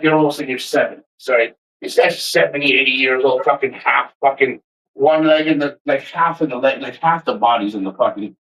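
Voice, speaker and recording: A man ranting to camera in a passionate, energetic, heavily profane way, rambling and restarting as he makes his points. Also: fairly high pitch, low-quality recording. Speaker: vlogger. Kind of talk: casual rant to camera.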